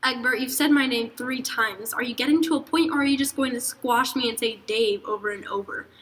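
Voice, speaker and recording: A woman reading the lines of a drunk, sarcastic young man in a fan fiction story, in a dry deadpan manner. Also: on the high side, a little fast, close to an everyday voice. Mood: impatient.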